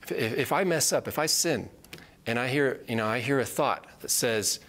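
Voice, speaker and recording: A man's voice: lively intonation, normal speed, fairly bright tone. A man giving conversational Bible teaching, earnest, checking in with "right?" and acting out quoted voices. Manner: earnest, repeats points with "right?" tag questions; acts out quoted voices in a higher pitch.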